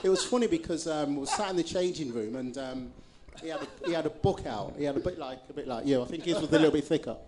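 Chuckling former footballer. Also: male voice, fairly high pitch, fast, few pauses, background noise. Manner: chuckling storyteller, repeats words. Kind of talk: live podcast anecdotes.

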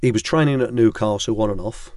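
A man's voice: lowish voice, a little fast, a little mellow, dry recording. Older man telling rambling stories in a studio. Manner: rambling storyteller, many restarts and ums. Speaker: guest, former football academy director. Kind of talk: anecdotal interview chat.

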